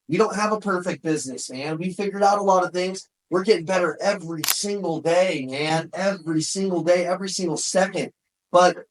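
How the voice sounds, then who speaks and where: A man with a high, bright-edged voice gives a fired-up motivational talk. He pushes hard, shouting some points and tossing in casual "bro" and "man" to rally the listener. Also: slight background noise, poor audio. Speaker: motivational speaker.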